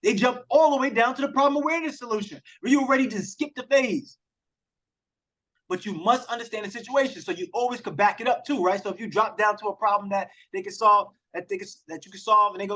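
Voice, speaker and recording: A man's voice: sits high, fast talker, pushed and bright. A man hosting an online accountability call, speaking with passion and talking straight to the group about mindset and selling. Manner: passionate, emphatic, addresses the group directly. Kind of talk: motivational coaching talk. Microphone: video call.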